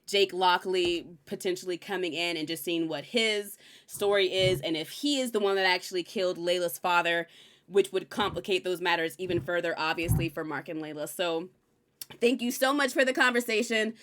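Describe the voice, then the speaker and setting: A woman's voice: on the low side, moderate pace, a bit bright. A young woman hosting a casual show recap, chatting playfully and laughing often. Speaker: podcast host.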